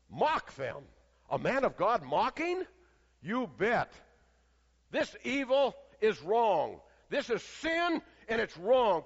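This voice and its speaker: A male preacher with a high voice delivers a sermon in a large church, his words trailing off into a long hall reverb. He swings from loud, declaiming passages to hushed near-whispers. The recording has a dull, lo-fi sound.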